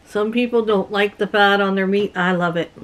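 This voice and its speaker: A woman's voice: mid-range voice, steady tone, moderate pace, a little hiss or hum. A middle-aged woman from Canada chatting casually to her viewers from her rural home, telling stories and laughing often. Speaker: vlogger. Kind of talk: casual chat to camera.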